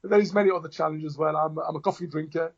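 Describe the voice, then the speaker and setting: A middle-aged football manager from Tunisia, talking in a relaxed interview with many fillers and restarts. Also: male voice, a little high, quick pace, gravelly. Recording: dull lo-fi audio.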